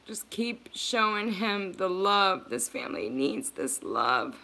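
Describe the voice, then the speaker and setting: A woman's voice: medium pitch, big pitch swings, slow, creaky, pushed and bright. A woman hosting a livestream, speaking earnestly and emotionally to her viewers, repeating herself as she offers support. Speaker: livestream host.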